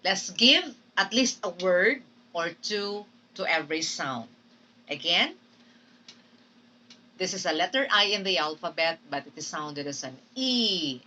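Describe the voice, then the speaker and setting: Slow-speaking Filipino woman teaching phonetics. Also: on the low side, animated, bright, forceful tone, recorded from a distance, poor audio. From Philippines. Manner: drills words and repeats "Okay?" to check understanding. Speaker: English teacher. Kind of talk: recorded phonetics lecture.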